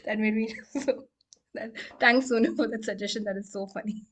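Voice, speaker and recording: A woman coach leading a casual group call, chatting and laughing, and rattling off repeated clearing phrases in a quiet murmur. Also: mid-range voice, steady tone, brisk. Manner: chatty, laughs often, acts out quoted voices. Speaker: healing coach and facilitator.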